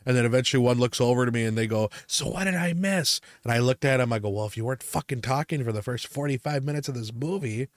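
Young man, mid-pitch, dry close sound, rambling cursing storyteller. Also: steady tone, racing, hardly any pauses, dry recording. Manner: ranting storyteller, heavy swearing and fillers. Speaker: podcast co-host. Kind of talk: casual chat.

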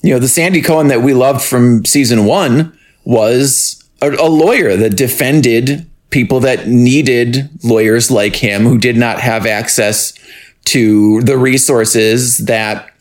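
A man in easy, rambling conversation as a podcast co-host, talking through a TV episode at a relaxed pace. He drifts between thoughts, restarts sentences and laughs readily. His voice sits at an ordinary middle pitch for a man. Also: slow. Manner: rambling, laughs often, breaks into silly singing. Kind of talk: casual chat recapping a TV show.

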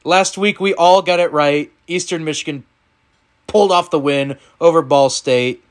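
Animated man hosting a picks podcast. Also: mid-range voice, unhurried, pauses often. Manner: animated, playful, running the picks. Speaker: podcast host. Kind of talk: casual sports picks podcast.

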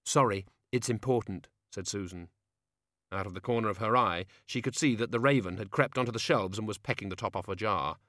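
A man narrating an audiobook with a measured, expressive reading. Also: on the low side, no echo, clean studio sound.

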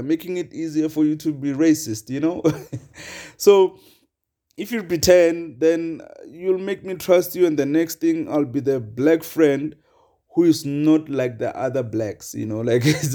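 Mellow-voiced podcaster rambling. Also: male voice, fairly high pitch, a little slow. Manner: rambling, chuckling, many fillers. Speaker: podcast host. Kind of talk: casual solo podcast monologue.

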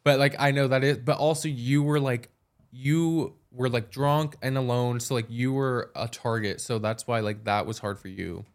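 Young man, podcast co-host, casual storytelling, lots of "like", mid pitch. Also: steady tone, moderate pace. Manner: storytelling, fillers of "like" throughout. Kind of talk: casual chat.

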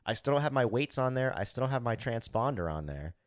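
This male podcast co-host talks fast in a sing-song, mid-range voice, recorded in a clean studio without echo. Telling a story in casual chat, he gets animated, acts out what he was thinking, curses freely and keeps saying "like."

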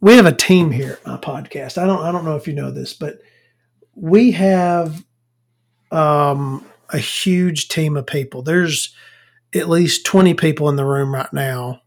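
A woman's voice: low-pitched, unhurried, a little mellow. A woman hosting a podcast, talking in a casual, rambling monologue that is full of swearing and stumbles. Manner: rambling and profane, stumbling over words. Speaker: podcast host.

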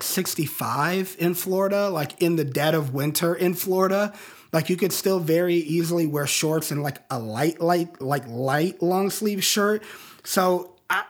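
A man's voice: a little high, slightly rough. A man in his thirties giving a sermon as a pastor, rambling and casual with lots of fillers.

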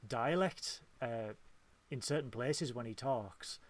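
A man's voice: mid-range voice, takes it slowly. Chatty Yorkshire man hosting. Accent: Yorkshire English. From Hull, England. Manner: chatty, laughs often, animated. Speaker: podcast host. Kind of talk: casual chat.

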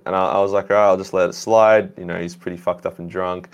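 A man's voice: low-pitched, level tone, quick pace, few pauses. A man guest on a casual podcast chat, telling stories bluntly with heavy swearing. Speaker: guest, content creator.

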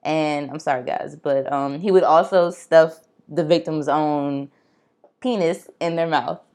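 Young female podcast host with a low voice; casual, blunt true-crime storytelling with asides to listeners. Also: fairly even intonation, a little slow, a little mellow.

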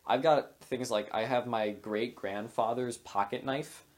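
A man's voice: mid-range voice, steady tone. Rambling young man co-hosting a podcast. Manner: rambling, halting with restarts. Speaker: podcast co-host. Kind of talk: casual chat.

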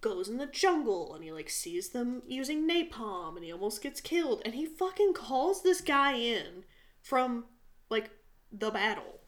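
Brief: young woman podcast co-host, higher voice, casual, swears, acts out the people in her stories. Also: very animated, unhurried. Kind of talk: casual chat.

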